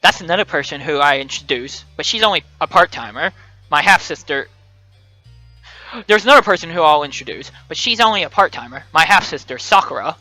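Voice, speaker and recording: Animated young man reading a game aloud. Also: on the high side, a little fast, no room sound, soft background music, poor audio. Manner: joking, reads with playful asides. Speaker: let's play host.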